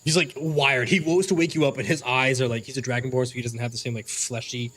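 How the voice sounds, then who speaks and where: A man's voice: mid-range voice, steady tone, fast talker, fairly bright tone. A man narrating as game master for a tabletop game, rambling with fillers and restarts.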